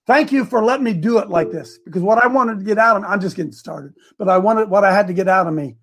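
A man hosting a live show, preaching through a Bible passage in a lively, slangy way and acting out the scripture in casual street talk. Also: high-pitched, quick pace. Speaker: host and preacher.

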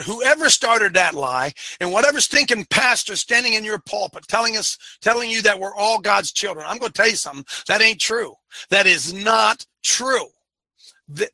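A man with a high, very bright and piercing voice hosts a talk show, holding forth like a preacher. He talks fervently and with heavy emphasis, breaking into yelling now and then. The sound is close and dry. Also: dry recording.

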